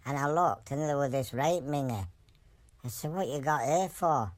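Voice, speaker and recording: A man's voice: a little high, normal speed, natural voice. A man with a Yorkshire accent voicing a trained animal who tells rambling pub jokes, full of fillers and restarts. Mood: gossipy. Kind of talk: dubbed comic voice-over.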